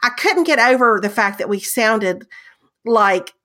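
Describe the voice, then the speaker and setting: A middle-aged woman with a strong Southeast Texas accent, chatting in an animated, self-mocking way as a podcast co-host. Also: a little high, unhurried. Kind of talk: casual chat.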